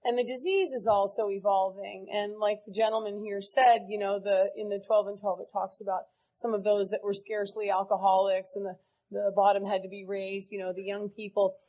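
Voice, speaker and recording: A woman's voice: mid-range voice, flat delivery, brisk, mellow, low-quality recording. A woman giving a candid, earnest recovery talk to a large meeting audience. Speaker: AA speaker. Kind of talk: recovery speech to a live audience.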